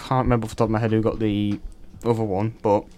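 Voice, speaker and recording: A young man hosting a student radio show, telling stories in an excitable, rambling way. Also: lowish voice, fast. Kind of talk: casual chat.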